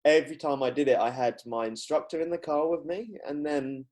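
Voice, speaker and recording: Young man, podcast host, casual rambling chat, laughs a lot, loud acted-out quotes. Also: on the high side, fairly quick. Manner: rambling, laughs often, acts out quotes loudly.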